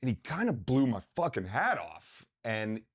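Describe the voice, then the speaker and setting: A man hosting a podcast interview, telling stories in a loose, animated way, swearing freely and acting out what people said. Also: medium pitch, moderate pace, husky. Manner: animated storyteller, swears freely, acts out quotes. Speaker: podcast host. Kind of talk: casual conversational interview.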